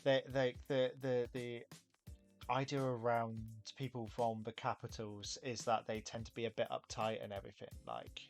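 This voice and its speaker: A man's voice: mid-range voice, flat delivery, moderate pace, soft background music. A man from England, hosting a casual chat and rambling with lots of fillers. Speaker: podcast host.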